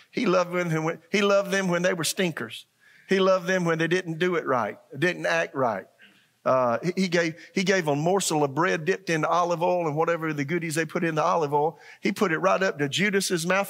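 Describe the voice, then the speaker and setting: Gravelly-voiced pastor preaching. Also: male voice, fairly high pitch, moderate pace. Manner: animated preaching, acts out voices, asks the congregation questions. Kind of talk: sermon.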